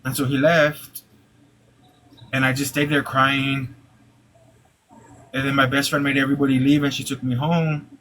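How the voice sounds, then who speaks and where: A young man telling a personal story live, halting, with many "like"s and repeated restarts. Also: mid-range voice, little pitch movement, fairly bright tone, poor audio.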